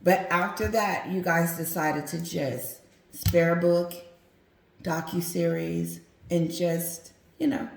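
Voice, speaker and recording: A woman voicing an older male king who is aggrieved and firm, scolding in a stern, measured way. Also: fairly low pitch, flat delivery, vocal fry. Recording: roomy echo.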